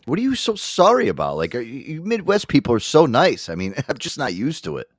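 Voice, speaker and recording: A brash man with a New York area accent, talking in a casual podcast chat with plenty of swearing and laughter. His pitch rises and falls a lot as he tells stories. The sound is dry and close, with almost no room. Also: huge pitch swings, a little fast, no room sound. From Northeast US.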